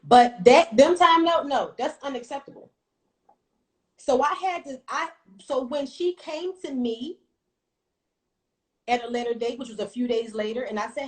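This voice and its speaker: A woman in her thirties tells a story from her own life on a casual livestream. She is blunt and swears freely, and her telling is animated. Her voice sits a little high. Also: unhurried, pauses often, poor audio. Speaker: livestream host.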